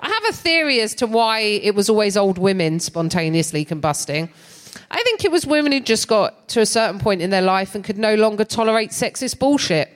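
A middle-aged English woman, both comedian and co-host, recounts a stand-up story a little fast in a mid-range voice. Her telling is sardonic and lively, repeatedly breaking into laughs.

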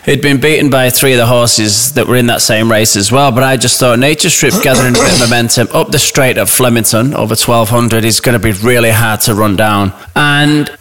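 A man chatting casually as a podcast co-host about horse racing, lively and often restarting his phrases. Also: medium pitch, a little fast, few pauses, soft background music. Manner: animated, restarts phrases, talks over others. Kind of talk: casual sports banter. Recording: long reverb.

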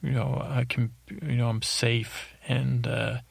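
A man telling a rambling comedic story as host, deadpan and halting, full of fillers and restarts, into a studio microphone. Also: mid-range voice, creaky, slightly rough, dry recording. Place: isolated recording space.

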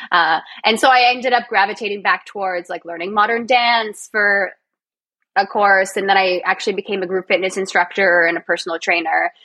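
Guesting on an interview podcast, this Canadian physiotherapist and actor talks casually in a bubbly, self-deprecating way with frequent laughter. Her voice is medium-pitched and sharp in tone, with fairly even intonation and a moderate pace.

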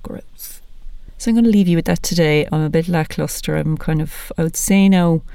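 A woman's voice: low voice, brisk, gravelly, dark tone, clear, resonant tone, no echo. An Irish woman hosting a podcast, chatting in a loose, jokey, rambling way. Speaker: podcast host. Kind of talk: casual chat.

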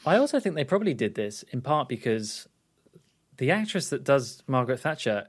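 A man co-hosting a casual film review podcast, giving frank opinions with halting restarts. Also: medium pitch, very animated, husky. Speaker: podcast co-host.

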